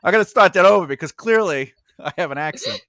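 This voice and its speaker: A man's voice: high voice, lively intonation, fast talker, bright, forceful tone, no echo, clean studio sound. A man joining a casual video call as a guest writer, joking and self-deprecating.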